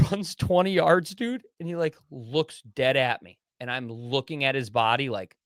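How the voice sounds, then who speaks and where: Young adult male podcast co-host, medium pitch, dry close sound, animated storyteller who swears. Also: moderate pace, hardly any pauses, dry recording. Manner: animated, swears, acts out his own inner voice. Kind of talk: casual storytelling.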